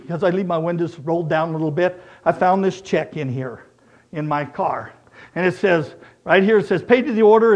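Husky animated man preaching a sermon. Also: a little high. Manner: animated storyteller, acting out both sides of a dialogue. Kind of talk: sermon with personal stories.

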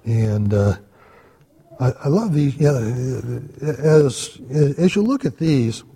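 A man teaching a church Bible study class in a conversational lecture style, pausing often on "uh" and checking in with his listeners. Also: medium pitch, lively intonation, vocal fry, dark tone, husky. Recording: long hall reverb.

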